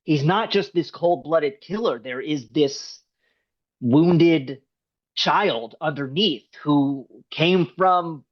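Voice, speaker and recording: A man's voice: fairly high pitch, slow. A man, a screenwriter, talking casually in an interview, rambling with many restarts. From United States. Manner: rambling, restarts often, animated. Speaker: screenwriter guest. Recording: dull lo-fi sound.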